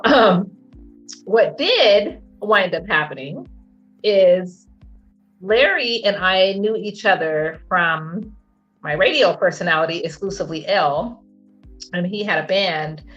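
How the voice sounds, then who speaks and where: Middle-aged woman guest, low-set voice, storytelling with animated quoted voices, muffled lo-fi line. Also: slow. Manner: animated, acts out quotes in a high voice, laughs often. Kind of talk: casual storytelling interview. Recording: dull lo-fi sound with faint music.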